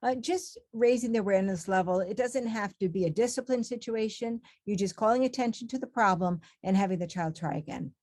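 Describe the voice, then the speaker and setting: A woman teaching parents in a calm webinar chat, giving example phrases for them to use. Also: medium pitch, brisk, few pauses, no echo, studio quality.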